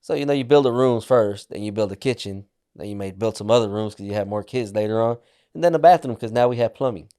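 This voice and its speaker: A man's voice: fairly low pitch, fast, dark tone, clean tone. Blunt man chatting on a podcast. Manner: blunt, interrupting questions, swears. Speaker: podcast co-host. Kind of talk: casual chat.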